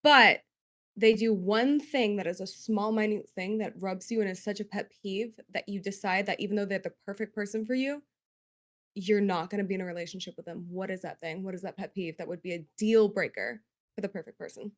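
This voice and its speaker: A woman's voice: mid-range voice, steady tone, fairly quick, darkish tone. A woman who grew up in Spain, hosting a game show and asking contestants long, rambling questions in an affectionate tone.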